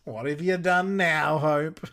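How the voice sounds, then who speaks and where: A man's voice: fairly high pitch, slow, pushed and bright. Man with a playful sarcastic commentary. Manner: sarcastic, playful, talks back at the screen. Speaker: podcast host. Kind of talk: watch-along episode commentary.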